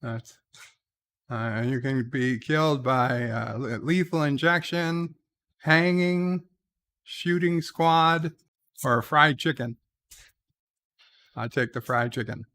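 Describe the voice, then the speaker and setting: A man's voice: medium pitch, slow, pauses often, sharp tone. A man hosting a casual livestream, reading viewer comments aloud and answering them wryly, with lots of "uh" between lines. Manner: reads comments aloud and replies wryly, with many "uh"s. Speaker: livestream host reading chat.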